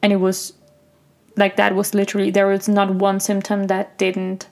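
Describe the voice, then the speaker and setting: A young woman hosting her own podcast, talking reflectively and softly in a personal monologue, with many fillers like "like". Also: mid-range voice, completely flat delivery, normal speed, soft background music. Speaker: podcast host.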